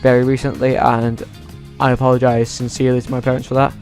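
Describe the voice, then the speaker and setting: A man ranking movies in a casual vlog, excitable and swearing freely. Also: mid-range voice, fast, soft background music. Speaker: YouTuber.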